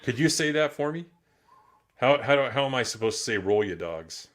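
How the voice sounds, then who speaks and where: A man's voice: mid-range voice, lively intonation, normal speed, fairly bright tone. A man hosting a loose, opinionated live-stream chat, swearing casually. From United States. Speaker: podcast host.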